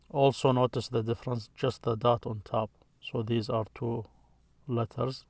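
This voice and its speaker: Slow patient male teacher. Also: medium pitch, fairly even intonation, no room sound, studio quality. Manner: patient, repeats each sound, pauses often. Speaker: Arabic teacher. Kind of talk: slow letter-by-letter lesson.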